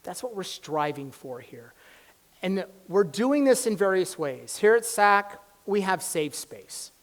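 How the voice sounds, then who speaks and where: Taking it slowly in a high, sing-song voice, a college professor gives an impassioned public lecture in a campus hall. He swings from loud exhortations to hushed stretches of storytelling.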